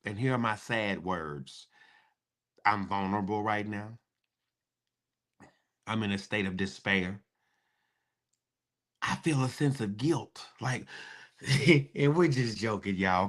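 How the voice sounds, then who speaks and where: A middle-aged man hosts a casual chat at an unhurried pace. His voice is bright and forward, and his joking, sarcastic delivery jumps into sudden high, excited bursts. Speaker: host. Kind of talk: casual live-stream chat.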